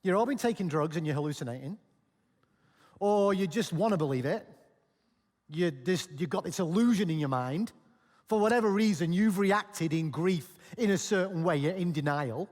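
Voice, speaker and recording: A preacher voicing a disillusioned, sarcastic male disciple in a flat, bitter tone, in a long-reverb hall. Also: sits high, normal speed, voice pushed down. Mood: dismissive.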